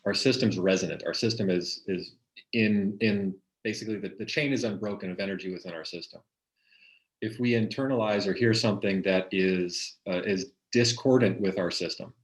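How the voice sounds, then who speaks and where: Man guest, lower voice, measured and halting explanation. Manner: thoughtful, halting with restarts. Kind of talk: explaining in an interview.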